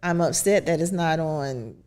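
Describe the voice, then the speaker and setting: A woman co-hosting a casual chat about TV shows, quick to chime in and agree. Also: low voice, darkish tone, smooth.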